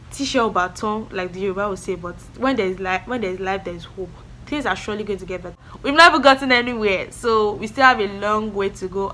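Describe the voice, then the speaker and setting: A woman's voice: medium pitch, bright, forceful tone, slight background noise. A young woman, talking earnestly to camera in a casual vlog and repeating her encouragements. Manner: earnest, motivational, repeats phrases. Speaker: vlogger.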